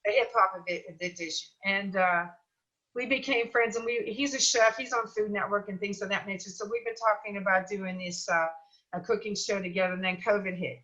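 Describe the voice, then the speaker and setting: A middle-aged woman chatting as an interview guest, talking in an animated, storytelling way with plenty of fillers. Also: mid-range voice, a little fast, lo-fi sound. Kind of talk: casual interview chat.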